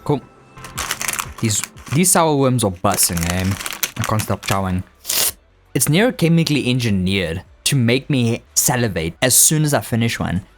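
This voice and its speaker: A young man chatting casually over gameplay, rambling and joking and reading game lines aloud. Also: mid-range voice. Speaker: gaming YouTuber.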